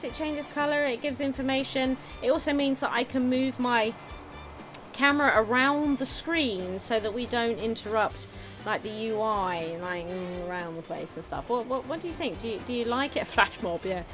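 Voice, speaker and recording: A woman streams a game and chats along with it, her voice sitting a little high. She gives casual, giggly commentary and keeps asking her viewers what they think. Faint background music plays underneath. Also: measured pace, pushed and bright.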